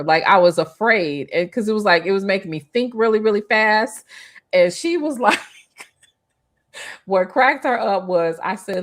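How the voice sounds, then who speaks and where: A woman's voice: medium pitch, normal speed. Middle-aged woman, interview guest, chatty storyteller, many restarts. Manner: animated, restarts often, acts out quoted voices. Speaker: interview guest, former hairstylist.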